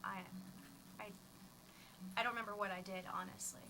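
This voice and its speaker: A woman's voice: mid-range voice, steady tone, a little fast, bright, forceful tone, a little hiss or hum, poor audio. A woman player speaking bluntly and wryly in a tabletop game. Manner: blunt, wry. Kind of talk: casual in-character play.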